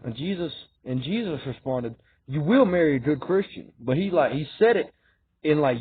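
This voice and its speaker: A man rambling through a fervent, repetitive monologue, swinging between loud insistence and low muttering. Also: expressive, a little fast, slightly rough. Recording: tinny phone-like dry recording.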